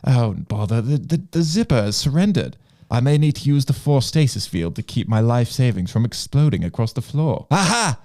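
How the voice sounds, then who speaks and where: A man's voice: mid-range voice, big pitch swings, normal speed, warm tone, no room sound. A man voicing an evasive older male Jedi master with a gambling habit, making dry excuses in a comedy sketch read aloud on a podcast. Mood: flustered.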